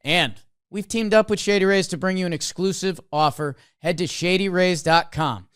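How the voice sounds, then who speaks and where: A man co-hosting a sports podcast, animated and excitable, with lots of fillers, also reading an ad. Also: high-pitched, moderate pace, smooth, dry recording, clean studio sound. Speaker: podcast co-host. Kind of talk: energetic sports recap and ad read.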